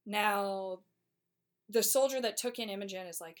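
A woman casually summarizing a play's plot, wry and chatty, acting out the characters' lines in quick voices. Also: medium pitch.

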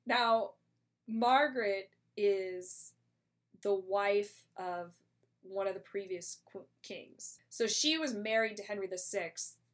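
A woman in a casual chat, retelling a play in a chatty, animated way and acting out the characters' lines. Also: medium pitch, takes it slowly.

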